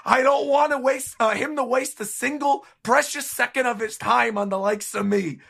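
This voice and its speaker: A man's voice: very high-pitched, normal speed, gravelly, breathy edge, pitched above the performer's own voice, heavily acted. A man doing a sobbing pirate thug captain. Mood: tearful. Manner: loud, tearful, shouting pleas. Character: weeping male pirate captain, rough thug.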